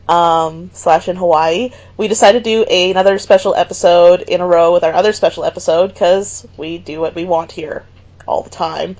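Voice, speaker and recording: A woman's voice: lowish voice, moderate pace, darkish tone, poor audio. A young woman from Canada co-hosting a casual podcast chat, giggly and chatty with plenty of filler words. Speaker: podcast co-host.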